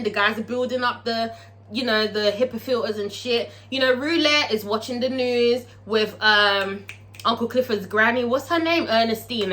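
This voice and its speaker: A woman's voice: a little high, bright, forceful tone. A British woman recapping a TV episode in a casual, profane, chatty way, as a show reviewer.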